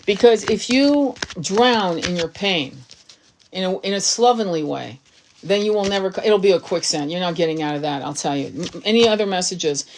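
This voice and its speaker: A woman's voice: on the low side, expressive, moderate pace, a little hiss or hum. A woman giving a tarot reading, talking straight to the viewer in a blunt, casual way and swearing freely. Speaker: tarot reader.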